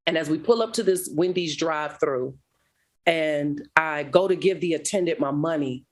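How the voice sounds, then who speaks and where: A middle-aged woman, a guest speaker, telling a personal testimony in an animated, dramatic way. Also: deep voice, normal speed. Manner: animated, dramatic retelling with laughter. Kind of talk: storytelling testimony.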